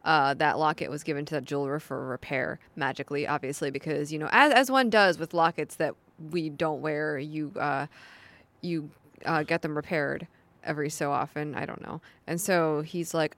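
A young woman co-hosting a podcast, chatting and giggling as she recaps an episode. Her voice sits low for a woman, and the recording is close and dry. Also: normal speed, fairly bright tone, no echo. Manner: chatty, giggly, trails off and restarts. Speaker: podcast co-host. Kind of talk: casual recap chat.

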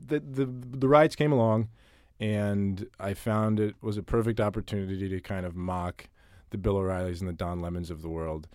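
A man's voice: fairly low pitch, steady tone, moderate pace, darkish tone, dry recording, clean studio sound. A man being interviewed about his writing, talking casually and thoughtfully, often restarting and repeating words. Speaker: interviewee, writer.

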